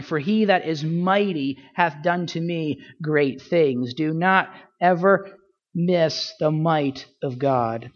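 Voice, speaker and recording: A woman preaching a sermon, asking rhetorical questions and swinging her pitch widely for emphasis. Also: muffled recording.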